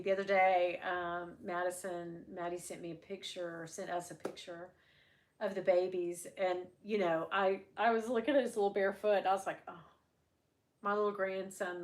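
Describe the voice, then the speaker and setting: A middle-aged woman hosting a casual livestream, chatting and rambling with her viewers and laughing often. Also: medium pitch. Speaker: livestream host. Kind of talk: casual chat with live viewers.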